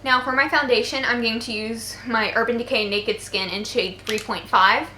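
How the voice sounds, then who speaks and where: A fairly high, steady, bright and forceful voice at normal speed guides this casual makeup tutorial. The speaker, a woman in her twenties tired from poor sleep, is chatty and playful with joking asides. Echo fills the room, faint noise lingers, and distant voices come from outside.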